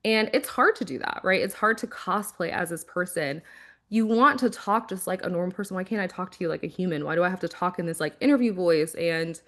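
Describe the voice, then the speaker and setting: Chatty woman giving career advice. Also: on the low side. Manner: conversational, animated, quick asides and acted-out quotes. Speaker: former recruiter and career coach. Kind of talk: casual career-advice talk.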